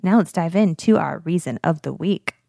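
A woman's voice: on the low side, moderate pace, gravelly, dark tone, dry recording, studio quality. A woman co-hosting a casual dating podcast, talking in a chatty way full of "like". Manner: chatty, lots of "like". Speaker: podcast co-host.

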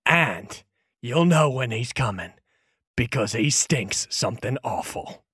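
A man's voice: medium pitch, animated, takes it slowly, husky, no echo, studio quality, full character voice. A man voicing a chatty male tavern regular who loves spreading rumors, telling them with dramatic flair. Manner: eager, gossipy, dramatic hushed storytelling.

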